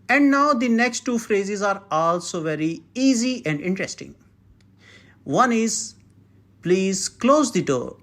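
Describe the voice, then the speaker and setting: Woman teaching to beginners, super slow and careful, repeats every phrase, pitch jumps all over. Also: lively intonation. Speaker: Mandarin teacher. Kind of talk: beginner language lesson.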